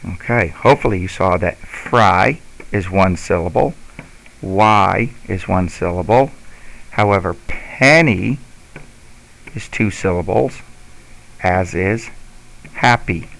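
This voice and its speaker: A man with a low, gravelly voice teaches a lesson. He explains patiently and slowly, step by step, like a teacher guiding parents and students. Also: a bit bright, low-quality recording. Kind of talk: instructional lesson.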